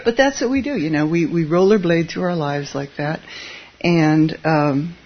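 A Zen teacher giving a relaxed, conversational dharma talk, chuckling at their own asides. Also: medium pitch, normal speed, muffled recording.

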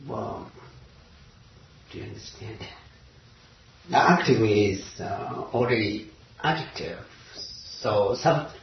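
Man, Zen talk, slow hesitant delivery, dull lo-fi recording. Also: medium pitch, slight background noise. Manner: halting, many pauses and fillers, searching for words. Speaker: Zen teacher. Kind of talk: dharma talk. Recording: roomy, distant, dull lo-fi recording.

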